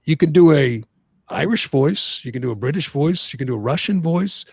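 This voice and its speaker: A man's voice: on the high side, moderate pace, gravelly, breathy edge, no room sound, studio quality. A man hosting an opinionated sports talk radio show, ranting with lots of restarts. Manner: animated ranting, frequent restarts.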